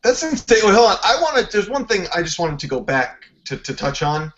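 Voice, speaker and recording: High, lively man hosting a podcast. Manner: laughing, quick reactions and follow-up questions. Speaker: podcast host. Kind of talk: casual chat. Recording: muffled lo-fi with faint background noise.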